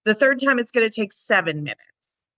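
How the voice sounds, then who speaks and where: Bright, chatty woman dog trainer. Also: a little high, moderate pace, dry recording. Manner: lively, chatty, acts out little voices and quotes. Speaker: dog trainer, podcast co-host. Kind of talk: casual podcast chat.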